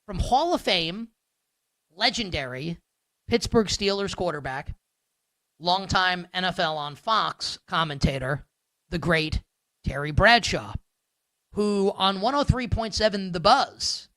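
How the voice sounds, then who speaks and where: New york guy hosting sports talk, sarcastic and rambly, bright sharp voice. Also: sits high, animated, a little slow, no room sound, rough recording. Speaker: sports betting show host. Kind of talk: live sports talk monologue.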